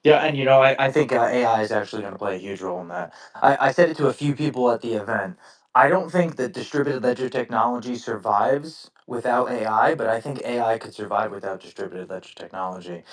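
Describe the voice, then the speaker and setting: A man co-hosting a casual podcast conversation, talking haltingly with many restarts and fillers. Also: mid-range voice, recorded from a distance, poor audio. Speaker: podcast co-host.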